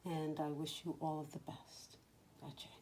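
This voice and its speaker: A woman giving a spiritual card reading in a slow, soothing voice that sometimes drops to a whisper, choked up with emotion. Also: low voice, little pitch movement, warm tone, a little hiss or hum. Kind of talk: soft spoken tarot-style reading.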